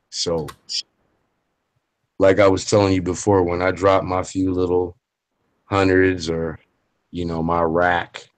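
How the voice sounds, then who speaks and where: A man calling into a stream, talking in a laid-back, playful, rambling way. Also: low-pitched. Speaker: guest caller. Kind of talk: casual chat on a call. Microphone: home mic, too close at first.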